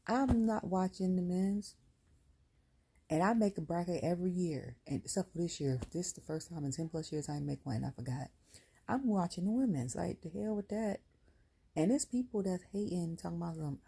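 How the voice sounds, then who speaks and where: A woman with a son reviews a wrestling show in an animated, blunt, slangy rant, sounding near tears. Her voice is low, creaky, and has a breathy edge.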